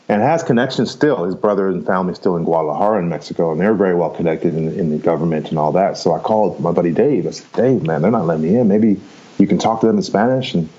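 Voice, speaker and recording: This Canadian podcast guest, in his fifties, shares a rambling first-person account, regularly leaning on "right?" and "you know." He has a deep voice with a dark tone, and the audio lacks highs.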